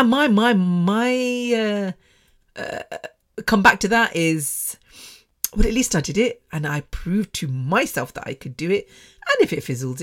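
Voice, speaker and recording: A woman's voice: lowish voice, fairly bright tone. Frank, rambling woman. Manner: rambling, emotional and frank, with frequent laughs and restarts. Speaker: podcast host. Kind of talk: candid personal podcast monologue. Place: her bedroom. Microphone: microphone.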